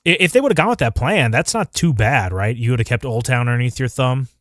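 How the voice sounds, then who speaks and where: A man's voice: mid-range voice, lively intonation, a little fast, a bit bright, no echo. A man with a mid-range voice co-hosting a fan review livestream. His talk is loose and rambling, often broken up by laughs, and the sound is dry and close. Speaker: podcast co-host. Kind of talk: casual fan review chat. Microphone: livestream microphone.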